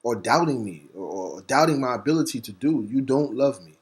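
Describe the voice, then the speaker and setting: A host with a mid-range voice and lively intonation delivers a fiery, preacher-like monologue on a talk segment. He spells words out letter by letter and alternates between rapid bursts and slow, stressed words.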